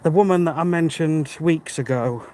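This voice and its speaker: A man's voice: on the high side, normal speed, darkish tone, poor audio. A British man chatting casually to a live stream while walking outdoors, friendly and thinking aloud. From Britain. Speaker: livestream walker reading chat. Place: outdoors on a dark rural road. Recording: faint outdoor background noise. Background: birds and passing cars.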